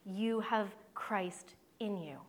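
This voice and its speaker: A woman's voice: mid-range voice, slow pace, noisy background. A woman pastor preaching a sermon in an earnest, conversational way with playful asides.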